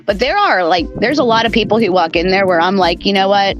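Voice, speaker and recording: A woman's voice: mid-range voice, a little fast, faint music behind. A woman chatting as a podcast guest, rambling through stories full of "like" and swearing. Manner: rambling, profane storytelling with many "like"s. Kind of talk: casual chat.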